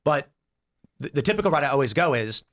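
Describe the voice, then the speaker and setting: On a political panel podcast, the male host talks fast in a voice on the high side. He's animated as he lays out hypotheticals and acts out their voices.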